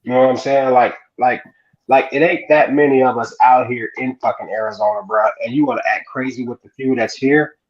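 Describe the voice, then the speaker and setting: A man's voice: mid-range voice, steady tone, fairly quick. A man co-hosting a casual uncensored chat, swearing a lot and asking "you know what I'm saying" again and again. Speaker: podcast co-host. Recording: dull lo-fi sound.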